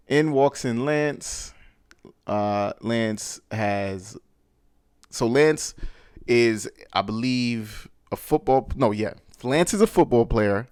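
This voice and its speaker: A man's voice: mid-range voice, takes it slowly, smooth, dry recording, clean studio sound. A man hosting a podcast, recapping a film in a loose, slangy way with lots of fillers and restarts. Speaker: podcast host. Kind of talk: casual movie recap.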